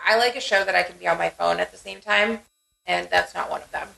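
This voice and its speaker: A young woman co-hosting a podcast in casual chat, talking in a chatty, animated way with lots of fillers. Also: on the low side, quick pace, vocal fry, soft background music, rough recording. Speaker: podcast co-host.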